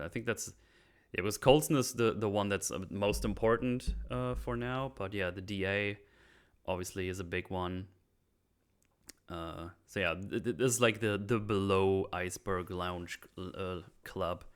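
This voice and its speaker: A man with a deep, clear and resonant voice talks through a film on a podcast. His delivery is loose and rambling, full of fillers and restarts, with joking asides at his own expense. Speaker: podcast co-host recapping a film. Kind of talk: casual chat.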